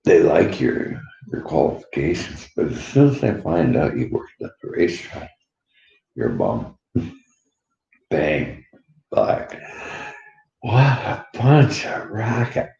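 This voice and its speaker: A man in his sixties with a gravelly voice, rambling bluntly and profanely and laughing between remarks. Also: a bass voice, mellow. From Canada. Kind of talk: rambling personal monologue. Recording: dull echoey room recording.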